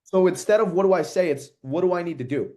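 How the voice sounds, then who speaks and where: Quick-talking male sales coach. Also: sits high, mellow. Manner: quick, casual, direct, uses slang. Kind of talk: coaching call feedback.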